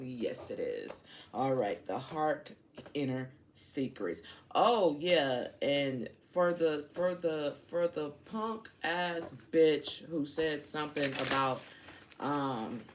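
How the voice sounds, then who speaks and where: A woman's voice: rumbling low, a little hiss or hum. Outspoken woman giving a casual tarot reading. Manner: chatty, addresses listeners directly. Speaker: tarot reader.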